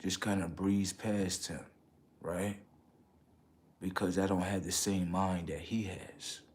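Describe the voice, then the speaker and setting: Low-voiced man ranting on a livestream. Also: fairly even intonation, takes it slowly. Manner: rambling, repeats "okay" and "right" to the audience; slangy, street-casual talk. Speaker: livestream host. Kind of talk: casual livestream rant.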